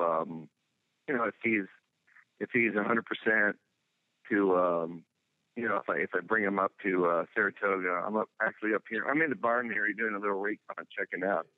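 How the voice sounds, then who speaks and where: Male horse trainer, low voice, rambling phone interview, tinny line. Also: no room sound. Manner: rambling, halting, full of "you know" restarts. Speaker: racehorse trainer.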